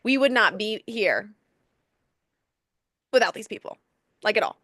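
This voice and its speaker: A woman co-hosts a podcast in casual chat, her voice at a middle pitch. She gushes and rambles, with lots of fillers. The sound is dry and close. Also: animated, unhurried, sharp tone, no echo. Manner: gushing, effusive, lots of "like". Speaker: podcast co-host.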